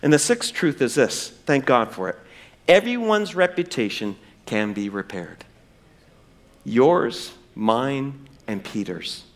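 A man preaching a sermon in church, swinging from loud emphasis to hushed, drawn-out words and acting out quoted dialogue in a raised voice. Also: mid-range voice, expressive. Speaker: pastor.

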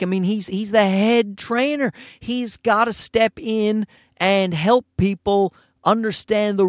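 Animated, profane man telling a story. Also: high-pitched, no echo, studio quality. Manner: animated, profane, laughing often. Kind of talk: casual storytelling.

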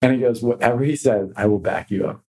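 A man's voice: medium pitch, quick pace, mellow, low-quality recording. A man on a podcast tells a story with energy. He acts out the people he quotes. His voice sits in an ordinary middle range. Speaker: guest; commercial real estate broker.

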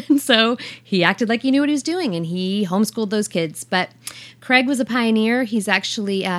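A woman's voice: medium pitch, fairly bright tone, no room sound. A chatty woman co-hosting a casual podcast, telling family stories with frequent giggles. The sound is dry and close, with no room around her voice. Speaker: podcast co-host. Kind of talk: casual chat.

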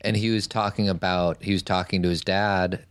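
A middle-aged man with a very low voice talks casually as a podcast co-host. He tells rambling anecdotes with dry asides. The sound is close and dry, with no room echo. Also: flat delivery, moderate pace, clean tone. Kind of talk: casual conversation about parenting.

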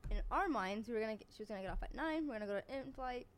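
A young woman in college, chatting with friends on a podcast. She is quick to cut in, and her voice is fairly high. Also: animated, a little hiss or hum. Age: young adult. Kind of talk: casual chat, storytelling.

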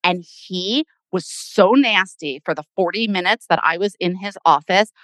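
A middle-aged woman co-hosting a podcast, telling a story in an animated way and acting out what people said. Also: on the low side, normal speed, no echo. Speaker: podcast co-host. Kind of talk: casual chat.

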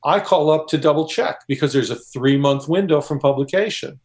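A man's voice: fairly high pitch, fairly quick, a little mellow. A man co-author on a discussion panel, explaining steps and telling anecdotes.

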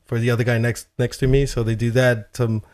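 A man telling a story in a casual chat, animated and swearing freely, with lots of "like". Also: medium pitch, a little fast. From Chile. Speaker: guest telling a travel story.

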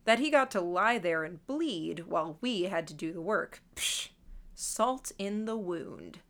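A woman reading a first-person audiobook in a measured, wry, observant way. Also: fairly low pitch, animated, a bit bright. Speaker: audiobook narrator.

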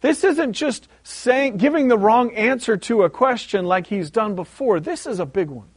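High-voiced pastor preaching with animation. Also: male voice, normal speed, slightly rough, no room sound. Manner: animated storytelling, repeats words for emphasis. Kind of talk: sermon.

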